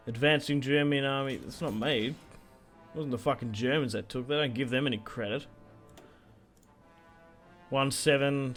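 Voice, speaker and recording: A man's voice: medium pitch, fairly bright tone. A young adult man giving casual, joking gameplay commentary, rambling and swearing as he plays. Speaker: gaming video host.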